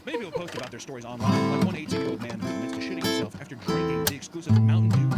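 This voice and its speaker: A man giving casual, profane commentary as a host, animated and laughing often. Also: mid-range voice, racing, few pauses. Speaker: host reacting to a video. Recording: music loud behind voice.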